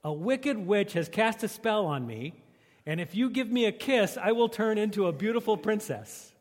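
A wheedling little talking frog, really a princess under a spell, squeaks up high and stretches every word out slowly, as a preacher puts her on in a joke. The voice rings through a big room with a long reverb tail. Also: lively intonation. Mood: pleading.

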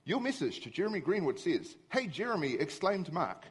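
A man's voice: on the high side, sing-song, moderate pace, breathy edge, heavily acted. A man voicing a female phone voice assistant that reads messages back in a level, mechanical way.

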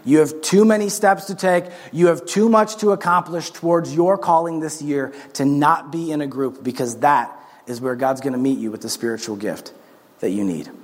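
A man's voice: a little high, moderate pace. A man preaching a sermon as pastor, earnest and urging, speaking straight to his congregation in a large church. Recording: long hall reverb.

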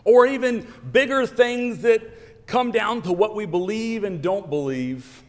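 A man giving a sermon as pastor, telling an animated story with wry asides. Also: sits high, measured pace. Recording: long church reverb.

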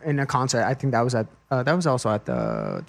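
An American man hosts a relaxed conversation. He is easygoing and quick to laugh, and he often stops and restarts his sentences as he talks. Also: medium pitch, gravelly. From United States. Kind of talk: casual chat.

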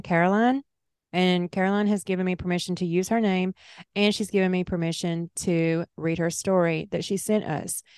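A woman's voice: on the low side, clean tone, no room sound, clean studio sound. Chatty Southern woman podcast host. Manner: chatty, many fillers and restarts, laughs easily. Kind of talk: casual chat and reading a listener letter.

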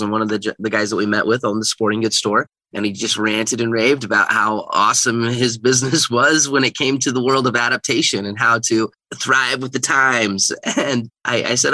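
A man's voice: medium pitch, brisk, pushed and bright, no room sound. A man in his thirties, a guest in an interview, telling a story in an earnest way and repeating phrases for emphasis. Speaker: guest speaker.

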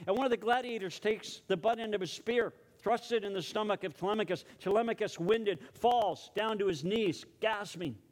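A male pastor preaching a sermon, telling a story dramatically and then going hushed for prayer. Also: high voice, moderate pace, hardly any pauses.

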